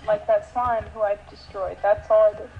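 A woman chatting excitedly while playing a video game with friends, rambling and giggling. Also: mid-range voice, moderate pace. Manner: giddy, rambling, easily excited. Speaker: let's play player. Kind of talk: casual gaming chat. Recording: dull lo-fi mic with faint hiss.

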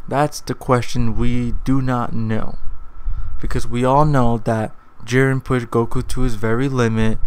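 An anime video host talks in a smooth, medium-pitched voice, though the audio is poor. His casual commentary vlog rambles, and he often corrects and repeats himself.

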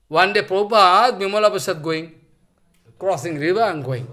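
A man giving a devotional sermon in English, telling stories emphatically and acting out the voices in them, with many "you know" fillers. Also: high voice. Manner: emphatic storytelling, acting out quoted voices with sudden shouts; frequent "you know" fillers, non-native English phrasing. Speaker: spiritual teacher giving a discourse.

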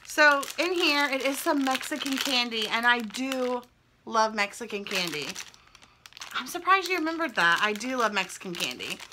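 A woman's voice: on the high side, expressive, moderate pace, noisy background. A young adult woman chatting casually at home as she opens fan mail, gushing and thinking aloud. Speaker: vlogger opening fan mail. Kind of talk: casual chat. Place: indoors at home.

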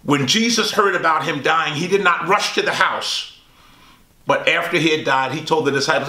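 A male pastor teaching a Bible study, swooping high on quoted lines and asking the listeners questions. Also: moderate pace, sharp tone, echoey room.

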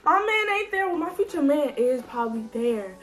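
A woman's voice: high-pitched, big pitch swings, normal speed, soft background music. A young woman, vlogging casually in a big store, giggly and nervous as she talks to her viewers. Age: young adult. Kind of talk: casual vlog chat.

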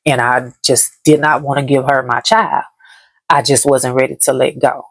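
Grieving woman with a gravelly voice. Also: extremely low pitch, level tone, moderate pace, no echo. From Dallas, Texas. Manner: heavy, repetitive, grief-laden retelling. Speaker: vlogger. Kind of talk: emotional story time.

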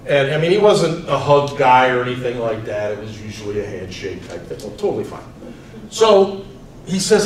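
A teacher in his forties telling personal stories to students in an animated way, swinging from loud to soft. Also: mid-range voice, normal speed, long pauses. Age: 40s. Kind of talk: storytelling talk to students. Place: school hall. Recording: echoey room, mic far off, faint noise.

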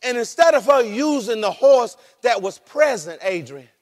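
A male pastor preaching a sermon. He tells the story with lively energy, laughs as he goes, and swings between shouting and dropping his voice low. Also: normal speed. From rural United States.

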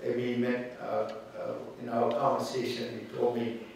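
A man's voice: mid-range voice, monotone, a little slow, creaky, darkish tone. A man speaking at a funeral service, hesitant with many fillers, growing fervent as he reads scripture and preaches on hope. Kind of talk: funeral tribute and scripture reading. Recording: very echoey hall, distant mic, faint noise.

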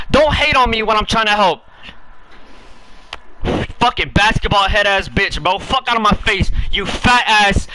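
A man's voice: extremely high pitch, sharp tone, a little hiss or hum, rough recording. A young man and YouTuber in a heated, profane rant, tacking "bro" and "fam" onto his lines and repeating himself. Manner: repetitive, swearing oaths. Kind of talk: angry rant to camera.

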